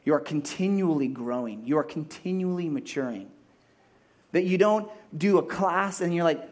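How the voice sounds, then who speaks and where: Animated preacher man, higher voice. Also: moderate pace. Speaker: pastor. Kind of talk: sermon.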